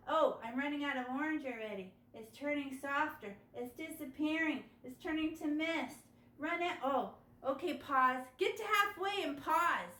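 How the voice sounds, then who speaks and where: A woman teaching children a step-by-step painting lesson over a video call, animated and coaxing. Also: sits high, normal speed, roomy sound. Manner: animated, gasping with delight, coaxing young kids. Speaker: art teacher.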